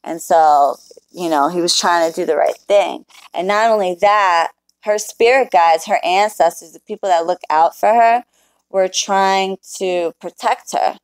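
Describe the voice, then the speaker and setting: A woman's voice: on the low side, a little slow, dry recording, rough recording. A woman casually telling a story to her viewers, blunt and full of swearing. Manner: profane, blunt, talks straight to viewers. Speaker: spiritual worker telling a client story. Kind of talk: casual storytelling to a live chat.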